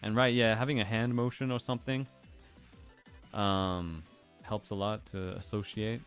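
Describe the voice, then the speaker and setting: A man with a somewhat low voice talks casually to his livestream audience. He muses aloud in a playful, meandering way and slips into silly voices now and then. Faint music plays underneath. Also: level tone, unhurried, fairly bright tone, clear, resonant tone. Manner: musing, playful, drifts into silly put-on voices. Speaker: streamer.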